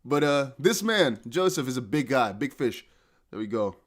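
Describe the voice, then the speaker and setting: A man hosting a live crypto price stream, talking fast and excited with laughs and chanted hype lines. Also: mid-range voice. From Netherlands. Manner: hyped, laughing, breaks into chanting.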